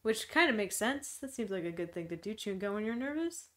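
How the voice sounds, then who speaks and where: A woman's voice: medium pitch, animated, fast talker, a bit bright. Chatty woman co-host of a book club. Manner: chatty, joking, laughs between remarks. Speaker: podcast co-host. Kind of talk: casual book club chat.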